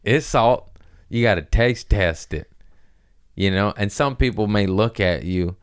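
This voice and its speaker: A man's voice: on the low side, a little slow, smooth, no echo, clean studio sound. A man hosting a podcast, rambling through absurd comic tangents, profane and amused at himself. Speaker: podcast host. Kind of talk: rambling comedic monologue.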